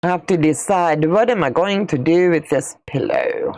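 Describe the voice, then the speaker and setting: A woman's voice: sits low, expressive, normal speed, darkish tone. A middle-aged woman, hosting a casual quilting livestream in a chatty, folksy way while answering viewer comments. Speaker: quilting channel host.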